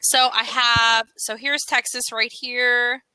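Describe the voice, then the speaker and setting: A woman's voice: a little high, level tone, slow pace, bright, forceful tone, clean tone, no echo, rough recording. An American woman tutoring English on a video call, chatty and laughing often as she gives suggestions. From United States. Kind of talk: casual conversation lesson.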